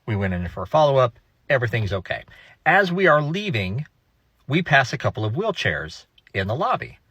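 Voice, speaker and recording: A father tells a story, his voice lively and animated as he builds suspense. The tone is a little husky, and the sound is dry and close with no room around it. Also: mid-range voice, moderate pace, dry recording. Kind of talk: casual storytelling.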